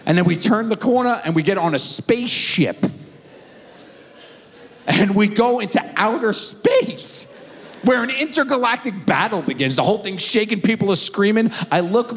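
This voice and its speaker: A middle-aged man telling a stand-up comedy story with animated, exaggerated voices, on a theater stage with a handheld mic. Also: high voice, normal speed. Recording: echoey theater with faint crowd.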